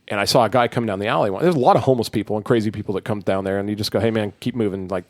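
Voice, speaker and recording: A man's voice: on the low side, racing, dry recording. Rambling, swearing man on a podcast. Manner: rambling storyteller, swears freely. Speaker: podcast co-host. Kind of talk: casual podcast chat.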